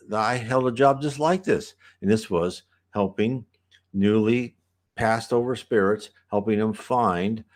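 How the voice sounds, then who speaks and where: Male reader-commentator, low-pitched, chatty and meandering, lots of restarts. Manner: rambling, chatty, with many restarts and fillers. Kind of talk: casual commentary on a book reading.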